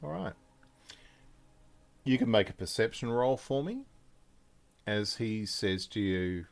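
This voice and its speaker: Man, game master, tabletop game narration, low voice, lively pitch, halting delivery. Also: vocal fry. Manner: relaxed, halting narration with fillers.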